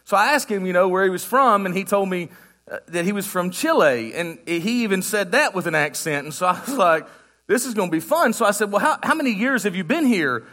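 High, bright-voiced joking man preaching. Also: animated, brisk. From United States. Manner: joking, conversational preaching to a congregation. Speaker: guest pastor. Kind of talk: sermon. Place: church sanctuary.

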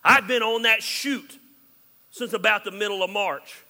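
A man preaching a sermon as pastor, candid and joking, swinging between loud emphasis and hushed asides. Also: sits high, measured pace, in a large hall.

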